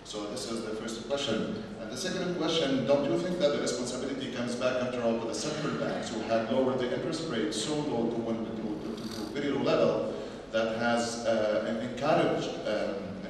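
Halting audience questioner, distant, heavy hall echo. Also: male voice, mid-range voice, slight background noise. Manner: hesitant, many fillers and restarts. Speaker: audience member asking questions. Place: conference hall. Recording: distant mic in echoey hall.

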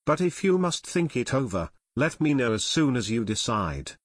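A man voicing a nervous, haggard chief pilot who speaks in a hushed, quavering, pleading way. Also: mid-range voice, sing-song, normal speed, slightly rough, dry recording, studio quality. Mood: tense.

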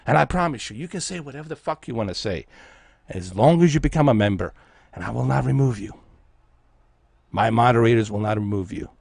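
A man's voice: mid-range voice, dry recording, clean studio sound. A man from Bosnia, a game streamer delivering an aggressive, profane, taunting livestream rant at his viewers.

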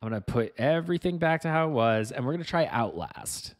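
A man's voice: medium pitch, big pitch swings, a little fast. A man chatting casually to viewers on a live stream as he fixes his game setup, frustrated and self-mocking, muttering to himself.

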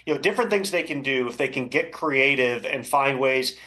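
Measured man giving football analysis. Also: mid-range voice, animated, sharp tone. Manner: measured, thoughtful, with frequent fillers. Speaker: NFL insider. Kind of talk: analytical interview commentary.

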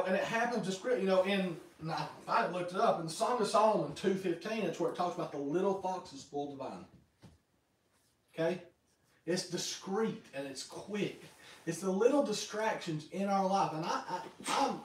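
A man preaching a sermon as pastor, telling stories in a lively way and acting out quotes. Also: high-pitched. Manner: lively, animated storytelling with acted-out quotes. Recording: echoey hall, voice from far off.

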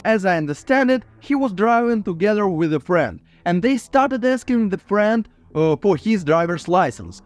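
A man with a high voice narrates between video clips. He comments in a plain, matter-of-fact way. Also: animated, normal speed, few pauses, a little hiss or hum. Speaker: channel host.

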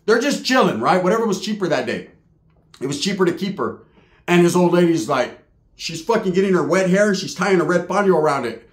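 A man's voice: high-pitched, lively intonation, brisk, reverberant. A man doing stand-up, telling a profane, slang-filled story and acting out the quotes. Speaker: stand-up comedian.

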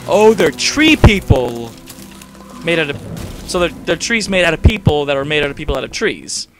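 A man's voice: a little high, very animated, normal speed. A man giving rambling, joking commentary over a game and swearing often. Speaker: gameplay commentator. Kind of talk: casual let's-play commentary. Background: game music.

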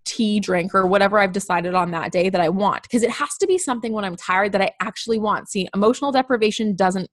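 A woman's voice: mid-range voice, quick pace, hardly any pauses, no room sound, studio quality. A woman talking candidly and chattily as a podcast guest, with lots of "like.". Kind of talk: casual podcast conversation.

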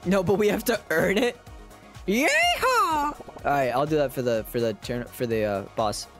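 Woman streaming a game, laughs a lot, voice bounces all over, soft game music under her. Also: very deep voice, very animated, a little fast. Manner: giggly, swears casually, reads game lines aloud. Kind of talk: casual live-stream commentary.

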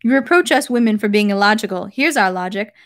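A woman reading aloud the lines of a gentle, anxious young countess who speaks softly and apologetically. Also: medium pitch, animated, fast, close to an everyday voice. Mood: fond. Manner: timid, soft and apologetic.

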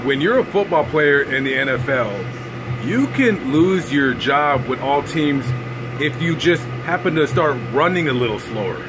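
A sarcastic man rants in a casual, mocking tone and keeps cracking himself up. His voice sits a little high for a man. A steady air-conditioning hum runs under the recording. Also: normal speed. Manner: sarcastic, mocking, laughs at own jokes. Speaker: vlogger. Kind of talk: casual ranting commentary.

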